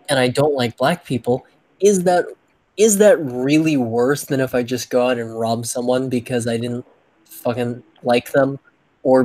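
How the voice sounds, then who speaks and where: A man's voice: medium pitch, darkish tone, dry recording, poor audio. A man co-hosting a podcast in casual chat, making his case point by point. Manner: argumentative, reasoning point by point. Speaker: podcast co-host.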